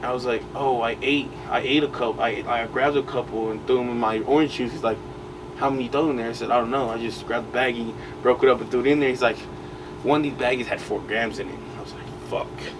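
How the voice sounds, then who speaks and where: Casually chatting as a podcast co-host, a young man tells a long story in a rambling, slangy manner full of fillers. His mid-range voice moves at a quick pace with fairly even intonation, captured by a distant mic over background noise.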